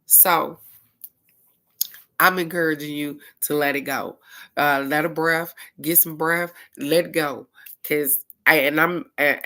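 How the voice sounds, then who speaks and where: A woman's voice: low voice, steady tone, slow, pushed and bright. A middle-aged woman hosting a casual livestream, chatting informally and laughing often as she talks to her viewers. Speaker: livestream host.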